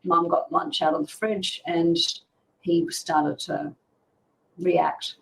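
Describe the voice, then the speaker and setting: A woman's voice: on the low side, steady tone, slow, vocal fry, poor audio. A woman guest on a podcast, chatty and explanatory, with frequent fillers and laughs. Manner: chatty, frequent "you know" and "um", laughs often. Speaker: dog behaviour expert guest. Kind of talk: casual podcast interview.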